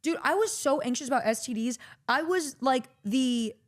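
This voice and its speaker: A woman's voice: high-pitched, moderate pace. A young woman from Texas, streaming host telling a story in casual chat, swearing freely and acting out quotes. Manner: animated, swears freely, acts out quotes in a raised voice.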